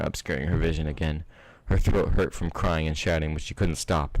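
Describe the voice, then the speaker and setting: A man with a very low, deep voice reads a fan-fiction story aloud at a steady pace, stumbling over a word now and then. The recording is close and completely dry, with no room sound. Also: fairly quick, hardly any pauses, dry recording. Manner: steady read-aloud with small slips. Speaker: reader.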